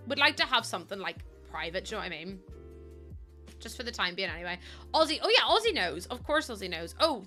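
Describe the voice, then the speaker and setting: Bright-voiced woman streamer chatting. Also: medium pitch. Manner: chatty, rambling, many ums and fillers; bubbly, greets chat warmly. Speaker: game streamer. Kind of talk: casual live-stream chat.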